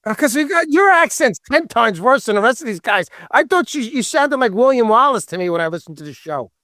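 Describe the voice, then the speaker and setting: A man with a Long Island New York accent and a loud, distinctive voice, joking and chatting as a podcast host. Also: extremely high pitch, brisk, no echo, studio quality. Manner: animated, joking, talkative. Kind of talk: casual podcast chat.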